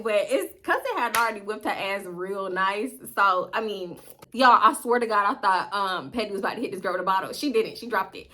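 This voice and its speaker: A young woman vlogger telling a story to camera in a casual, animated way, cursing often and talking straight to her viewers. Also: medium pitch, a little fast. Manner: animated, profane, addresses viewers directly.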